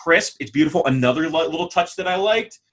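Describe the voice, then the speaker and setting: A man co-hosting a casual podcast, talking animatedly, often laughing and breaking into quick character impressions. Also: a little high, lively intonation, fairly bright tone. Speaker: podcast co-host. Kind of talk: casual chat.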